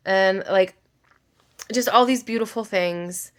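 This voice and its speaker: A woman's voice: medium pitch, steady tone, measured pace, fairly bright tone. A woman, a mother, chatting casually about a book while doing her makeup, emotional and rambling, full of filler words. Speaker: book vlogger.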